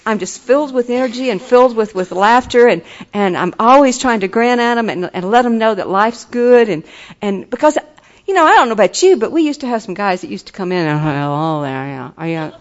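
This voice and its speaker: A woman's voice: fairly high pitch, lively intonation, a little fast. Folksy older woman, muffled. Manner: earnest, folksy, turns enthusiastic and laughing. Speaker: recovery meeting speaker. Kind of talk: personal testimony talk.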